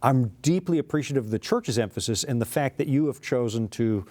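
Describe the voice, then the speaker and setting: A man's voice: mid-range voice, lively intonation, brisk, a little mellow. A middle-aged man co-hosting a casual religious discussion, emphatic and repeating key phrases for effect. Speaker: co-host.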